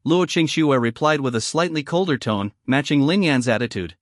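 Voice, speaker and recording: A man's voice: fairly high pitch, animated, moderate pace, hardly any pauses, no echo, studio quality. A man narrating a story recap in a scripted style, reading every character's lines in his own voice.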